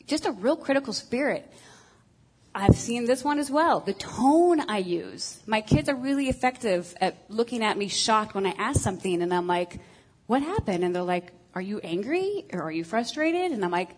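A woman's voice: fairly high pitch, lively intonation, moderate pace, low-quality recording. Frank self-mocking woman talking about marriage. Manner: frank, self-deprecating, with many ums and uhs. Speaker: speaker on marriage. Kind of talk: candid talk to a group of women.

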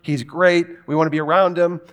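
A crowd of eager young children gushing with excitement, voiced by a man in the middle of a sermon. The voice rushes along, a little on the high side. It stays close to his own everyday voice. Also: clean tone, close to an everyday voice.

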